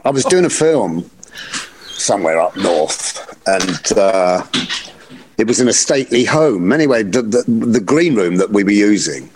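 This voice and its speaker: A man, an actor guest, telling relaxed anecdotes in casual podcast chat. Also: lowish voice, normal speed, slight background noise. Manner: relaxed, agreeable raconteur with many yeahs. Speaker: guest, actor and festival organiser.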